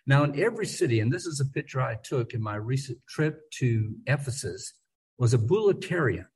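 A man with a husky, slightly rough voice teaches a relaxed Bible study. He talks in a loose, conversational way, stumbling and repeating words as he thinks, and presses firmly on the words he wants to stress. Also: mid-range voice, a little fast, low-quality recording.

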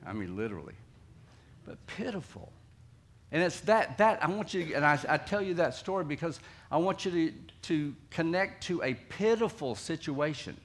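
A middle-aged man with a Southern American accent preaches, his voice sitting a little above the usual male range. He drives earnestly through his points, often dropping into soft, quiet asides before pressing in again. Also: on the high side, very animated, moderate pace. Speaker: pastor. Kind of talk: sermon.

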